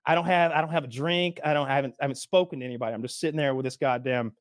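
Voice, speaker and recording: A man's voice: medium pitch, very fast, no room sound, clean studio sound. A man co-hosting a podcast, telling a story in casual chat and mimicking the people in it. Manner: animated, mimics people in his stories. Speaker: podcast co-host.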